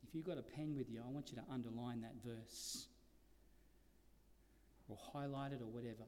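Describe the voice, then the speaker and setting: A man preaching a sermon as pastor, slowing down to stress key words and moving between loud emphatic lines and quiet ones. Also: mid-range voice, fairly even intonation, in a large hall. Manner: preaching with slow emphatic stresses and dynamic swings.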